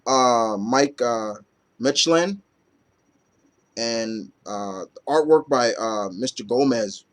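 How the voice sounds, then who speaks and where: A man's voice: medium pitch, takes it slowly. A man reviewing comic books in a loose, rambling chat full of fillers and casual swearing.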